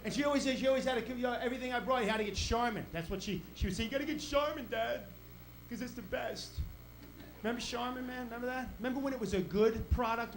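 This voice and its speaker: A man, doing an exasperated stand-up rant that builds to loud punchlines. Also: high voice, low-quality recording. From New York. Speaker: stand-up comedian. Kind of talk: stand-up routine.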